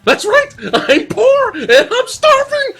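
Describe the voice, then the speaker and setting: A giddy, laughing young monk. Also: male voice, big pitch swings, slow pace, soft background music, exaggerated voice. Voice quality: manic giggling, high and shouty.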